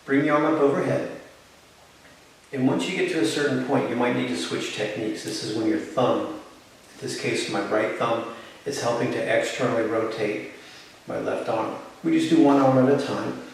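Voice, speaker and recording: A man teaching a live yoga class, giving calm, encouraging step-by-step cues. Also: medium pitch, normal speed, creaky, far from the mic. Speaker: yoga instructor. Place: yoga studio. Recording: very echoey room, voice from off-mic, faint hiss.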